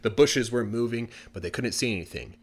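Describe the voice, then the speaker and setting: A man casually telling a folk tale for English learners in a relaxed, chatty way with many fillers. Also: medium pitch, fairly quick. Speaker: storyteller.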